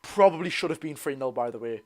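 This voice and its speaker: A young man with a Geordie accent giving excitable, bantering live commentary on a football match while reading out viewer comments. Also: medium pitch, quick pace. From North East England. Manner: excitable, banter-filled, reads chat aloud. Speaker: football channel host.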